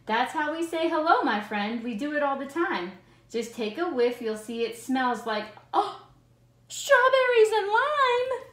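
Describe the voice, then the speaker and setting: Woman doing a clumsy, good-natured storybook monster, sing-song rhymes, slow, roomy echo. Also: high voice, very animated, fairly bright tone, voice pushed up, exaggerated voice. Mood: cheerful. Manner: sing-song rhyming, eager and apologetic. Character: friendly, clumsy young male monster.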